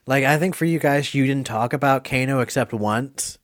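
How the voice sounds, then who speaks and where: A man hosting a casual movie quiz podcast, chatty and quick to laugh. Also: medium pitch, dry recording, studio quality. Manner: chatty, laughs often, gushing. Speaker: quiz host. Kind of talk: casual podcast game chat.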